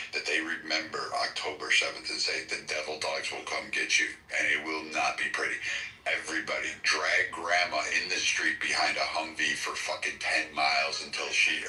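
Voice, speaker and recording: A man's voice: very deep voice, pushed and bright. A man talking casually in an angry, profane rant. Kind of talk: casual talk. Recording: echoey, distant mic, faint music.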